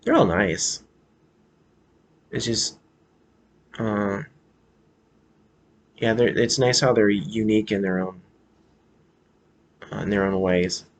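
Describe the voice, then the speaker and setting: A man's voice: on the low side, fairly even intonation, slow, pauses often. An American man vlogging in a casual, hesitant way, with many fillers and restarts as he chats about a movie. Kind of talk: casual rambling movie chat.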